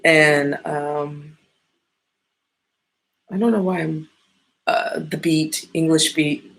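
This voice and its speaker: A woman from the Midwest talks in a slow, unhurried drawl with a gravelly, fry-laden edge. She rambles through casual podcast chat, swears freely and keeps stalling mid-thought before picking the thread back up. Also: low voice, fairly even intonation. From Midwestern United States. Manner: rambling, profane, often loses her train of thought. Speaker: podcast host.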